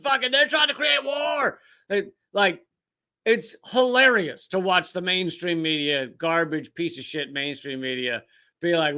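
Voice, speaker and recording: A man's voice: high-pitched, pushed and bright. A man hosting a political commentary show, ranting with profanity and sarcastic put-on voices. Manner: profane, sarcastic, mocking mimicry. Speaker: host.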